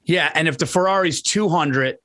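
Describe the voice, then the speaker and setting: A man's voice: a little high, bright, forceful tone. Indignant, swearing podcast co-host man. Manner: profane, indignant, talks in quick restarts. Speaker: comedian co-host. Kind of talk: casual podcast chat.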